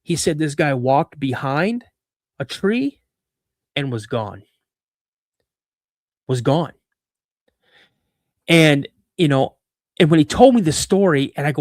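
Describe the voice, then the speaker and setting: A man in his fifties telling stories as a podcast guest, animated and acting out the voices in them. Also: a little high, slow, pauses often, dry recording, clean studio sound. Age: 50s. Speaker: podcast guest, cryptid researcher. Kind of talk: casual storytelling.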